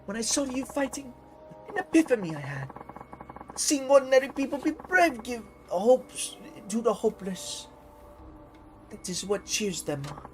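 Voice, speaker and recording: A grandiose pop diva with a put-on French accent, as a woman voices her in a high, swooping register. She speaks in broken, inverted English with a dramatic, flowery manner. Faint music plays behind her. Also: sing-song, a little slow, darkish tone, rough recording. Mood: earnest. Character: grandiose foreign pop diva, earnest and florid.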